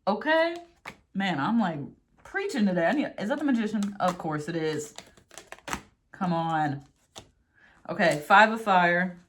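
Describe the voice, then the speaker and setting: A young adult woman giving a casual tarot reading, swinging between animated, swearing rants and soft, slow readings of affirmations from her card book. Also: lowish voice, a little hiss or hum. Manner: animated, swears freely, gets worked up then reads affirmations softly. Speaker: tarot reader.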